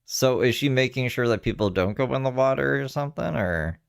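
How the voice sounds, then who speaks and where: A man's voice: mid-range voice, fairly quick, vocal fry, clean tone, no echo, clean studio sound. A man giving casual, chatty commentary on a livestream, swearing and laughing as he goes. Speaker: streamer reacting to a livestream. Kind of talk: casual live reaction commentary.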